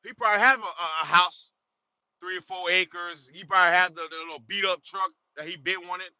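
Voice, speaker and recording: A man talking from a truck cab with a very bright, forceful, tense voice, blunt and streetwise, swearing as he drives. The sound is dull and lo-fi. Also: high voice, brisk. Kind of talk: casual vlog while driving.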